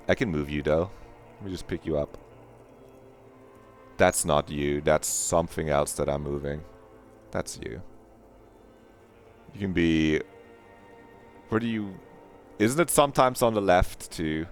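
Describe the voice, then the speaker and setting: A man streaming a game, talking casually, excitable and swearing often while he laughs at himself. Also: deep voice.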